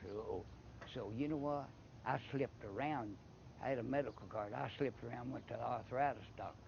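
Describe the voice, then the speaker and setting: A creaky, darkish mid-range voice at normal speed belongs to an older Appalachian-accented man from Eastern Kentucky. Interviewed, he tells long rambling casual stories and often restarts words, the sound slightly muffled with faint background noise.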